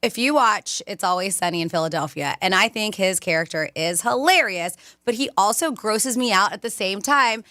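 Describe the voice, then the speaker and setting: A woman hosting a radio talk show, chatting in a lively way and laughing often, recorded on a studio microphone. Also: medium pitch, normal speed, hardly any pauses, no echo. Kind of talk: casual radio chat.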